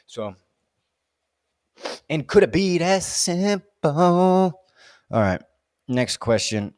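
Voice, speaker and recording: A man's slightly high, mellow voice turns sing-song, drawing out words and leaving long pauses, recorded cleanly with no room sound. Standing indoors to film his solo vlog, he rambles through reflective questions, chatting to himself in a playful, self-deprecating way.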